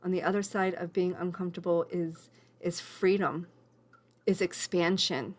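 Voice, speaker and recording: A woman's voice: on the low side, fairly even intonation, normal speed, a little mellow. A woman leading a live online women's class over a video call, earnest and emotional, encouraging people by name.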